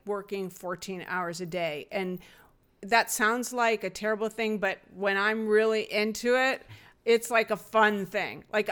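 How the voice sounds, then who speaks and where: A woman's voice: medium pitch, a bit bright, clean tone. A woman in a casual conversation, chatty and upbeat, telling easygoing stories about her work life.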